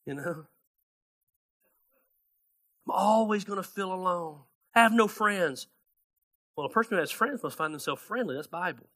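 Lively bright-voiced male pastor. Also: high-pitched. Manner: animated, acts out voices in Bible stories. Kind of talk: sermon.

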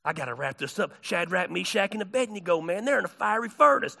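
A man preaching a sermon, telling stories with big swings between hushed and shouted delivery. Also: sits high, expressive, a little fast, creaky. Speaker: pastor.

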